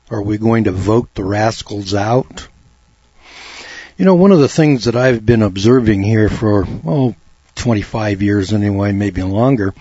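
A middle-aged man speaks a talk radio monologue in a folksy, sarcastic tone, firing off rhetorical questions. His voice is a little husky. The recording is dull and lo-fi with a dry, close sound. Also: lowish voice, darkish tone, dry recording.

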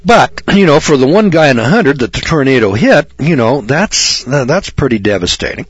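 A man preaching a fire-and-brimstone sermon, blunt, sarcastic and rambling, reading scripture slowly. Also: mid-range voice, big pitch swings, slightly rough, no echo. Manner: reads scripture slowly and deliberately.

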